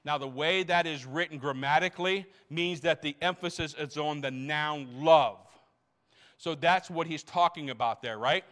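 Delivering a sermon to his congregation, a man in his sixties who pastors the church speaks emphatically, repeating words and posing rhetorical questions. His voice is a little high and fairly bright, and he keeps a moderate pace.

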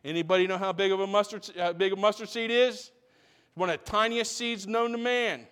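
A man preaching a sermon, swinging between booming emphasis and hushed asides and repeating phrases to drive points home. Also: fairly even intonation, brisk, clear, resonant tone. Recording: long reverb of a large hall.

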